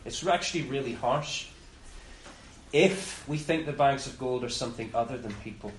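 A man preaching a conversational sermon, often voicing the master's words in quick asides. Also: medium pitch, a little hiss or hum. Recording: roomy echo with faint ambience.

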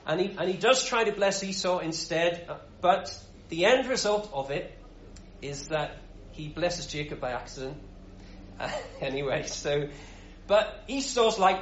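A man's voice: sits high, expressive, a little slow, slight background noise. A man giving an informal sermon as a Bible teacher, talking in a casual, conversational way with frequent restarts. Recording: roomy, dull sound.

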